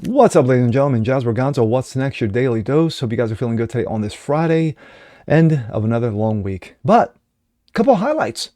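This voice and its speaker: A man's voice: animated, a little fast, warm tone. A man hosting a daily political commentary show, sarcastic and mocking in tone. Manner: sarcastic and mocking, swings pitch for jokes. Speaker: host.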